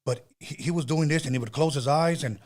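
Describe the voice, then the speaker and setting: A middle-aged man hosting a podcast, telling stories in a loose, animated way with slang and cursing. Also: on the high side, a little fast. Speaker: podcast host. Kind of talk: casual storytelling chat.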